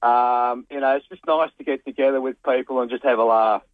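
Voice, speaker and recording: A man's voice: medium pitch, steady tone, fairly quick, no echo. Easygoing man on a phone line. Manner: easygoing, chatty, repeats words. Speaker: small business owner on phone. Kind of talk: casual radio chat. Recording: tinny dry phone line.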